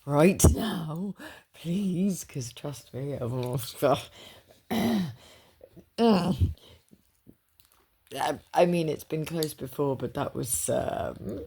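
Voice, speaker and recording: A woman's voice: extremely low pitch, drawn-out words, long pauses, mellow. A woman chatting in a rambling, confiding way, telling a personal story as a spiritual reader. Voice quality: gravelly and husky.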